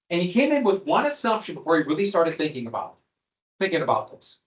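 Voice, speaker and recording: A man's voice: fairly high pitch, huge pitch swings, a little fast, rough recording. A male history teacher giving a classroom lecture, joking with his students and teasing them with questions.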